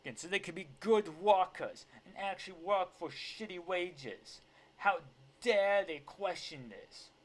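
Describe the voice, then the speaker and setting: A man's voice: high voice, pitched above the performer's own voice. A man mocking a shrieking outraged politician. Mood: mock outrage. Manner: drawn-out, indignant shouting. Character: shrieking, outraged male liberal politician parody.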